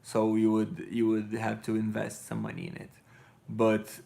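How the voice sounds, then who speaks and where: A man's voice: on the low side, monotone, unhurried, gravelly, mellow. Rambling Brazilian man streaming live. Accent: Brazilian Portuguese. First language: Portuguese. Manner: rambling, restarts a lot, joking. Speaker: livestream host. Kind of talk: casual livestream chat.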